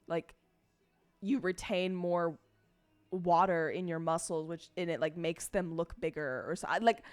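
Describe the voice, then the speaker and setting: A woman's voice: lowish voice, fairly even intonation, unhurried, clean tone, soft background music. A young woman streaming, chatting casually and rambling to her viewers, swearing freely along the way.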